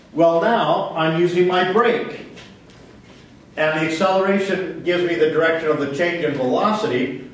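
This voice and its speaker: A man's voice: fairly high pitch, distant mic, slight background noise. A man giving a physics lecture to a class, asking questions and answering them himself. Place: lecture hall. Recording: very echoey hall, voice from off-mic.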